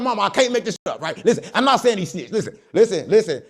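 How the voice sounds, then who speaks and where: Fast, lively storytelling man. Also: sits high, creaky. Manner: animated, joking, mimics others. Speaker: interview guest. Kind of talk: casual storytelling.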